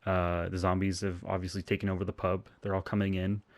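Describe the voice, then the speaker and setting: Recapping a film as a podcast co-host, a very deep-voiced man rambles casually through the plot, quick and monotone, full of ums, restarts and frequent laughter. The audio is close and dry, without any room echo.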